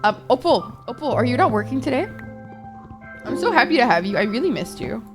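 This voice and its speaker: A woman's voice: fairly high pitch, big pitch swings, a little fast, music in the background. A woman streaming a game live, chatting casually with her viewers, swearing often and reacting to chat.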